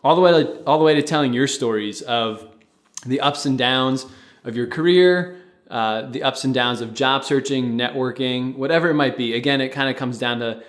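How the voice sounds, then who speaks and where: A man's voice: medium pitch, moderate pace, echoey room. A young man casually co-hosting a podcast, rambling a little with fillers and restarts. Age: young adult. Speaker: podcast founder and co-host. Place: studio with a producer present.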